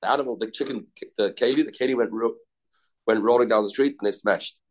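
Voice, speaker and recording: A fast-talking Talmud teacher with a medium-pitched voice runs a relaxed class, repeating key terms and starting sentences over again and again. Hebrew and Yiddish words are woven throughout.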